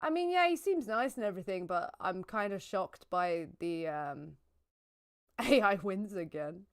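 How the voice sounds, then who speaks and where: A woman's voice: medium pitch, lively intonation, a little slow. A woman streamer reacting to a debate while gaming, blurting out exclamations and swearing, then arguing back at the speakers.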